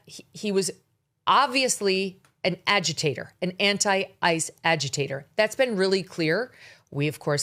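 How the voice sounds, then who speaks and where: A woman's voice: lowish voice, a bit bright. A middle-aged woman hosting her own talk show, delivering blunt, sarcastic political commentary. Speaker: host. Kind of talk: opinionated talk show monologue.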